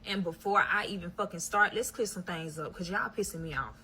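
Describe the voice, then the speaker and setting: A woman with a bright, forceful voice tells a story straight to camera in a casual vlog. She is blunt and profane, talks right to her viewers, and slips into other voices for quotes. There is faint noise behind her. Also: on the low side, fairly quick, rough recording. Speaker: storyteller recounting a breakup.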